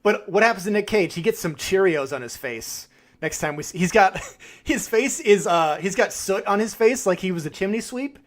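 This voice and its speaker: A man co-hosting a podcast, chatting casually, animated and quick to swear as he acts out reactions. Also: sits high. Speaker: podcast co-host. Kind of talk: casual chat.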